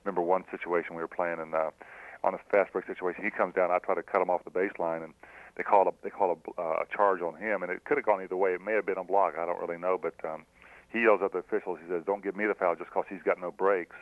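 A middle-aged man, a former pro player now coaching, answering radio callers by phone in a halting way with many fillers. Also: low-pitched, steady tone, no echo. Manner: soft-spoken and halting, with many fillers and restarts. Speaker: high school basketball coach. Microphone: telephone. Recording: thin phone line.

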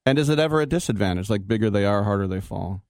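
A man's voice: fairly low pitch, lively intonation, fast talker, a little mellow, no room sound. A man hosting a sports talk radio show in a studio, asking questions in a jokey, conversational way. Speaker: radio host.

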